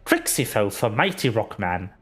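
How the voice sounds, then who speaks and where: A man voicing a gruff male tribal warrior who talks in halting, broken phrases. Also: lowish voice, very animated, fairly bright tone, soft background music, pitched below the performer's own voice.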